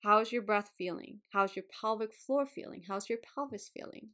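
A bubbly woman hosts a wellness podcast, talking casually and breaking into laughter often. She swears lightly and keeps an upbeat, encouraging manner at a middling pitch. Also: moderate pace, sharp tone. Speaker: podcast host.

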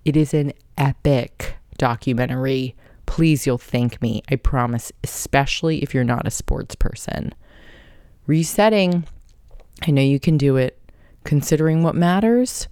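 A woman hosting a podcast tells a loose personal story, chatty and casual, with a gravelly fry running through her voice. She drops a curse here and there and breaks into laughs mid-sentence. The sound is dry and close, with no room around it. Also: a bass voice, expressive, unhurried, a little mellow, no room sound. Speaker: podcast host.

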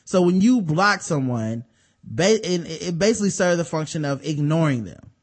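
Chatty man with a slightly high voice. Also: animated, moderate pace. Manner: loose, profane, explaining with restarts. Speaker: podcast co-host. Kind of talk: casual chat.

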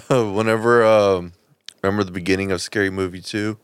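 A man's voice: on the low side, fairly even intonation, normal speed, clear, resonant tone, dry recording. A man co-hosting a casual podcast chat, telling stories in a sheepish way. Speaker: podcast co-host.

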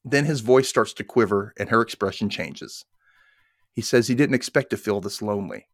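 A man's voice: lowish voice, moderate pace, no room sound, clean studio sound. Man animatedly recapping a TV episode. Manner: animated retelling, briefly voicing characters' lines. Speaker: podcast co-host.

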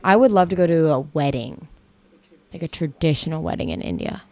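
A young woman co-hosting a casual podcast, chatty and quick to laugh, saying "like" a lot. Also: sits low, animated, vocal fry, a little mellow. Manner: chatty, laughs often, lots of "like". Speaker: podcast co-host. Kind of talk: casual chat. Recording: echoey room.

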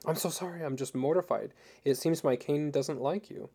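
A man voicing a calm, courteous older gentleman who speaks politely and mock-apologetically. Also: a little high, moderate pace, breathy edge.

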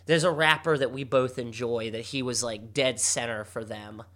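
A man co-hosting a casual podcast, telling animated stories with lots of swearing and laughter. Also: medium pitch, normal speed. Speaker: podcast co-host. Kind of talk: casual chat.

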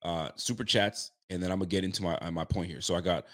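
This sports fan show host talks fast in a deep, fairly bright voice with fairly even intonation. Fired up yet holding his volume low, he rants emphatically through a late-night post-game reaction stream, reading out viewer messages and responding.

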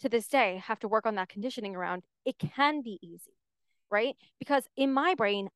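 This podcast host speaks fairly quickly in a smooth voice on the high side, recorded in the studio with no echo. Alone at the mic, she is casual, candid and animated, using "like" heavily.

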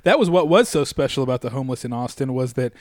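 A man's voice: medium pitch, animated, no room sound, studio quality. A man co-hosting a casual comedy podcast, agreeable, often restarting his sentences. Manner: agreeable, many yeahs, halting restarts. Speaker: podcast co-host.

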